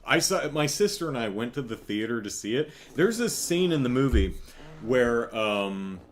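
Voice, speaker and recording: A man hosting a solo podcast in a loose, chatty way. He rambles and corrects himself mid-thought. His pitch swings up and down as he tells his stories. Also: moderate pace. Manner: rambling, self-correcting, animated storytelling. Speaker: podcast host. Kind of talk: casual solo podcast chat.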